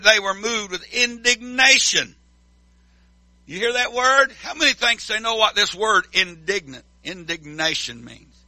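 A man preaching a sermon as pastor, calling out to the congregation and swinging from loud declarations to hushed asides. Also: high voice, no room sound.

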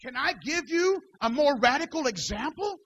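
A man, a pastor, preaching a sermon. He swings from shouted declarations down to quiet, almost whispered asides, and he reads scripture aloud in formal old-style wording. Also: very high-pitched, lively intonation, moderate pace.

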